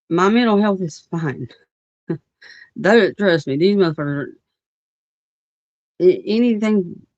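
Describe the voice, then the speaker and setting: A woman's voice: fairly low pitch, no room sound. Blunt, profane woman ranting. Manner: blunt, profane and rambling, with many fillers. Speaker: livestream host. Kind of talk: livestream rant. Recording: dull lo-fi stream audio.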